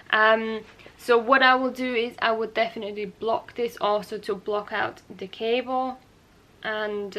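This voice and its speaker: This is a fairly bright, medium-pitched young woman presenting her projects on a knitting podcast. She keeps it casual, wandering off topic slightly while laughing lightly and fixing her own words.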